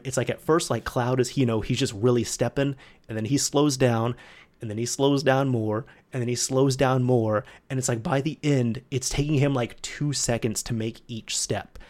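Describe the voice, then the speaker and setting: A man hosts a solo podcast, chatting casually about games. His speech rambles easily and often breaks into laughter. His voice sits at an ordinary middle pitch. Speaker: podcast host.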